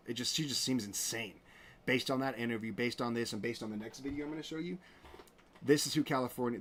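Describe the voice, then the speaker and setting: A man hosting a casual commentary show, sounding indignant and rambling through restarts and fillers. His voice sits at an ordinary middle pitch. A faint hiss of noise runs underneath. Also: a bit bright. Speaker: host. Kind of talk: casual commentary reading out messages.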